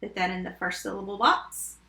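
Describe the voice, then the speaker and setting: A woman teaching a first grade phonics lesson remotely, sounding out words slowly and giving patient step-by-step instructions. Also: medium pitch, sharp tone, roomy sound.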